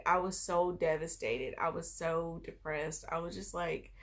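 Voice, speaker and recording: A woman's voice: on the low side, fairly even intonation, measured pace, hardly any pauses. A woman vlogger telling a personal story in a casual, chatty way, full of filler phrases.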